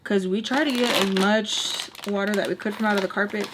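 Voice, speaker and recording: A woman telling a casual storytime while doing her makeup, chatty and exasperated, often dropping into hushed asides. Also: medium pitch, moderate pace, noisy background. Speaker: storytime vlogger.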